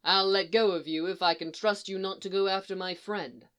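A woman voicing a calm male Jedi master who speaks reasonably, with a dry, teasing edge. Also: medium pitch, normal speed, lightly acted. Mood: dry, reasonable.

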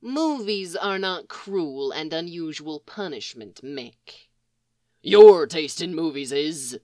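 A woman's voice: deep voice, expressive, takes it slowly, a little mellow, no room sound, clean studio sound. A woman doing a sly, drawling thief of a man. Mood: teasing. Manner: drawling, mild, teasing. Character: dry sly man, mild mocking thief.

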